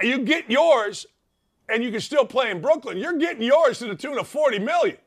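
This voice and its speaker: A middle-aged man rants through an opinionated sports talk monologue, his voice sitting high for a man. He swings widely in pitch and fires off rhetorical questions with emphatic conviction. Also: a bit bright. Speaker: sports talk show host.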